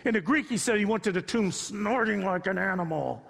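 An older male pastor in his sixties with a notably high voice delivers an unscripted sermon. He shifts between gentle personal stories and fervent, climbing pleas. His voice rings out with a long reverb through a church sanctuary. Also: a little fast, creaky, husky. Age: 60s. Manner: preaches off the cuff, building from quiet storytelling to impassioned rising appeals.

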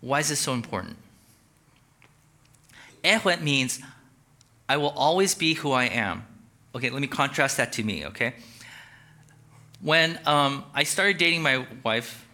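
A male pastor giving a conversational, animated sermon and asking the audience questions. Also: medium pitch, moderate pace, pauses often.

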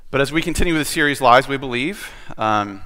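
A man's voice: medium pitch, animated, fairly quick, bright, forceful tone. A man preaching as a pastor in a casual, conversational sermon, chatty and self-deprecating, with lots of fillers and restarts. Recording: long hall reverb.

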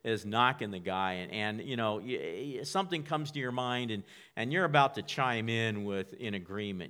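A man's voice: lowish voice, smooth. A man preaching a sermon in a conversational way. He often repeats and restarts words and sometimes whispers a line to act out an inner voice. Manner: acts out inner voices, whispers a quiet prompt.

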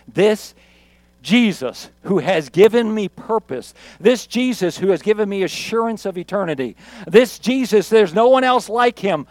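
High-voiced, chatty male pastor preaching. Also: darkish tone, no echo. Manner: conversational, jokey, emphatic with repeats. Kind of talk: sermon.

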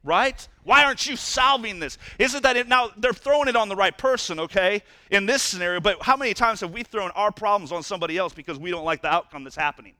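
A man pastor preaching a sermon to his church, animated and playful, swinging from loud bursts to hushed asides. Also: high-pitched, fast talker, few pauses, dry recording.

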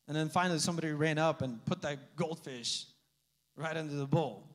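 A man with a high voice delivers a conversational sermon, mixing teaching with casual asides and chuckles. His voice rings out with a long reverb, as in a large hall. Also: moderate pace, pauses often. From Slavic family background. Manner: animated, conversational preaching with asides and laughs. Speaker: pastor.

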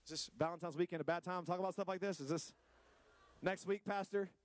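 A man preaches in a high, bright-toned voice, playful with the congregation one moment and drawing out words for emphasis the next. The sound is close and dry, with little room around it. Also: fast, no room sound. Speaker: pastor. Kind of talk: sermon.

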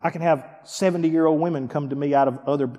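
A pastor preaching a sermon, swinging from hushed, quiet lines to near-shouted ones. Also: male voice, on the high side, steady tone, fast. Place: church sanctuary. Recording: long reverb of a large hall.

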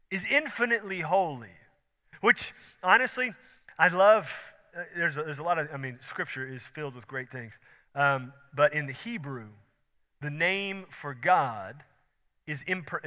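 A pastor preaching a sermon, emphatic, repeating key words and swinging between loud and soft. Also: male voice, high-pitched. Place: church sanctuary. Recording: long hall reverb.

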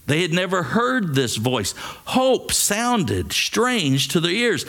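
A man preaching a sermon, reading a story aloud in a slow, dramatic way. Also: sits high, big pitch swings, a bit bright. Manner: slow, dramatic, acts out quoted voices. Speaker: pastor.

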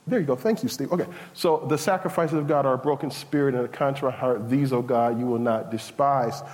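A pastor preaching a sermon in a conversational style, building from calm to loud, high and fired up. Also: male voice, brisk. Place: church sanctuary. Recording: long hall reverb.

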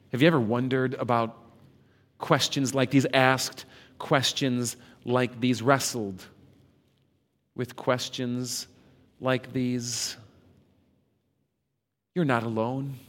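A man giving a reflective devotional talk, reading scripture questions slowly and dramatically. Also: medium pitch, in a large hall. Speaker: preacher.

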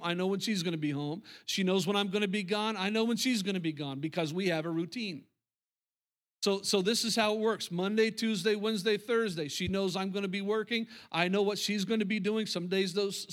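Man, pastor, sermon, high voice, emphatic, repeats himself, middle-aged. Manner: emphatic, repetitive, talks to the congregation.

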